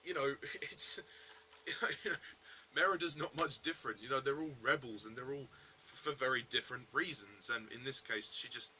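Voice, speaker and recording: A man talks through a film review in a loose, unscripted way, stumbling over restarts and filler words. His voice is strikingly bright and edgy at a middling pitch. A faint hiss sits behind him. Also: normal speed, poor audio. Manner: rambling, hesitant, many fillers and restarts. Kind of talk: casual video review.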